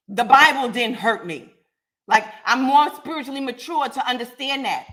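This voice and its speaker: A high-pitched woman hosts a live podcast rant. Her voice is bright and sharp, and she talks bluntly and with a lot of profanity, squaring up to her audience. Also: normal speed. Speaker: podcast host.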